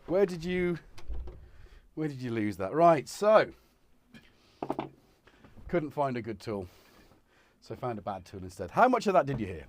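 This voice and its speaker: Lively, chatty man fixing gear live. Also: mid-range voice, unhurried, long pauses, a little hiss or hum. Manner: chatty, muttering to himself mid-task, self-deprecating. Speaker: livestream host repairing a synth. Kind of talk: casual live-stream chat while working. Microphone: wireless mic that drops out of range.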